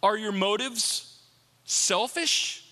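A man's voice: high-pitched, very slow, sharp tone, in a large hall. A man preaching a sermon as pastor, talking conversationally and repeating rhetorical questions to the congregation.

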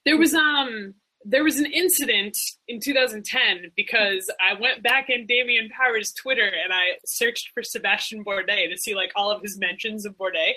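A woman co-hosting a podcast in casual, animated chat, full of "like" and "um". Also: medium pitch, normal speed, hardly any pauses, rough recording. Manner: chatty, animated, fond of "like" and "um". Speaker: podcast co-host.

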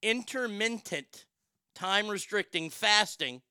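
A man hosting a talk show, brash and wisecracking in quick banter. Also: high voice, expressive, pushed and bright, smooth, no room sound, clean studio sound.

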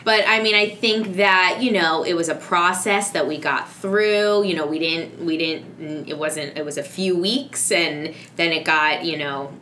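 A woman's voice: lowish voice, a little slow, hardly any pauses, sharp tone, a little hiss or hum. A woman, a mother of two, talking casually about parenting and rambling with lots of fillers and restarts.

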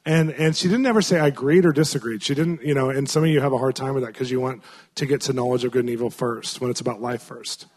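In a medium-pitched, darkish voice, a pastor relates a story to his congregation at a quick pace. His preaching is earnest and conversational, sprinkled with fillers and restarts.

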